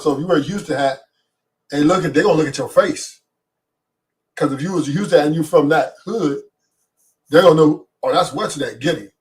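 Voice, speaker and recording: A man with a Los Angeles accent talks casually as a podcast guest, streetwise and emphatic, often repeating himself. His voice is a little high with a darkish tone, picked up on a distant mic.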